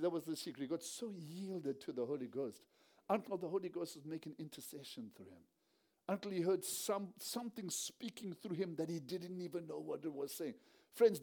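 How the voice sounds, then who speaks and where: A man's voice: fairly high pitch, dark tone. A man preaching to a prayer meeting, retelling a story and acting out quoted dialogue as his voice rises and drops.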